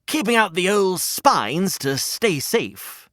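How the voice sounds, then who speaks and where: Timid worried hedgehog, bright tone, man voicing. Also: high-pitched, very animated, takes it slowly, dry recording, clean studio sound, full character voice. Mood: anxious. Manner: nervous, fretful. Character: anxious timid male hedgehog listener.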